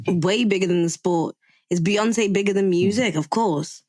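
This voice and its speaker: A woman co-hosting a podcast, teasing her guest in casual, drawn-out chat. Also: medium pitch, a little mellow, no room sound. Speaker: podcast co-host.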